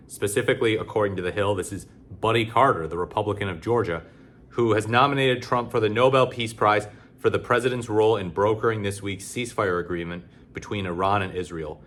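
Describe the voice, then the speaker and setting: A man delivering casual opinion commentary in a somewhat low voice. He talks sarcastically and bluntly, with loose phrasing, fillers and frequent restarts. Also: fairly bright tone, slight background noise. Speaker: political commentator.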